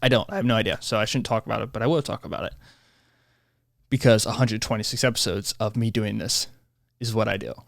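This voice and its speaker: A man hosting his own podcast, talking in a rambling, animated monologue that keeps interrupting itself. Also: fairly low pitch, fast talker, gravelly, no echo, studio quality. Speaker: podcast host. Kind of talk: casual solo podcast monologue.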